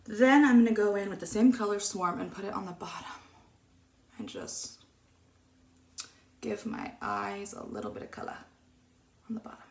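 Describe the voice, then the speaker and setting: A woman chatting casually through a makeup tutorial, rambling and dropping into soft muttered asides. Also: mid-range voice, fairly quick, gravelly. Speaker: beauty vlogger. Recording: echoey room.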